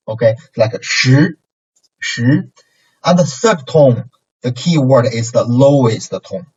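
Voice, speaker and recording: A man's voice: medium pitch, darkish tone, slightly rough. A man with a Chinese accent teaching pronunciation, patiently repeating syllables with exaggerated tones. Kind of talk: pronunciation lesson. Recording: distant, dull lo-fi mic.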